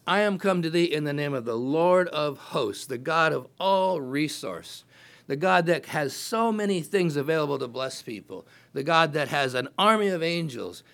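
A man's voice: on the high side, expressive, normal speed, vocal fry, a bit bright. A man preaching a sermon, reading Bible verses aloud and breaking in with emphatic rhetorical questions.

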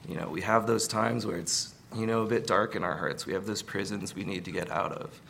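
A man giving a conversational Sunday sermon, relaxed, with many fillers and light humor. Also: sits low, a little fast, gravelly, slight background noise. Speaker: preacher.

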